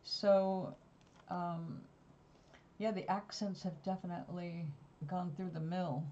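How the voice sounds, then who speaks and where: A woman talks in a loose, wandering way, drifting from one story to the next. Her voice is mellow and soft-edged. The recording sounds a little dull and lo-fi. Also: lowish voice, steady tone, takes it slowly, a little hiss or hum. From New York. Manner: rambling, digressive storytelling. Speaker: vlogger. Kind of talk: casual chat.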